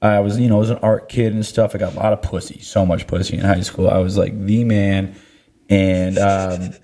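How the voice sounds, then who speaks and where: Guy with a lowish voice rambling on a comedy podcast, lots of likes and laughs. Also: level tone, normal speed, warm tone. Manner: rambling, filler-heavy, laughing. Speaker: podcast host. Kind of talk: casual comedy podcast chat.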